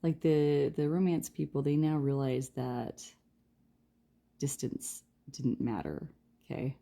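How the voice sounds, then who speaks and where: Casting: woman tarot reader with a very deep, dark voice and a rambling, chatty delivery. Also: slow pace, vocal fry. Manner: rambling, chatty, trails off with fillers and soft laughs; speaks softly and quietly at times. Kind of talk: casual pick-a-card tarot reading.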